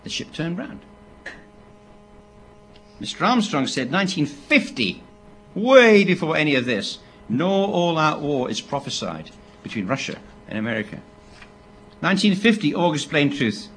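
A man, preaching a sermon in an animated storytelling way, with asides to the people listening. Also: fairly high pitch, normal speed, pauses often, slight background noise. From Britain. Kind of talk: sermon to a live audience.

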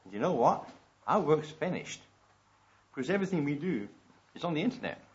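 A man's voice: on the high side, sing-song, fairly quick, dull audio. A man preaching a sermon to his congregation, talking in a conversational way that swells into emphatic stresses.

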